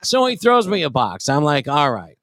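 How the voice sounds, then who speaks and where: A man in his forties telling a crude comic story on a podcast, profane and animated, acting out other people's lines. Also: a little high, moderate pace, no echo, studio quality. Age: 40s. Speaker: podcast co-host.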